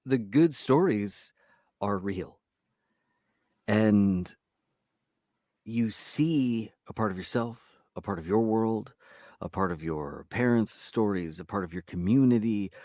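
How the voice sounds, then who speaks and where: Expressive low-voiced male narrator. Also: dry recording, clean studio sound. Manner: expressive, lively storyteller delivery. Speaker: audiobook narrator guest. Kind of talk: casual interview chat.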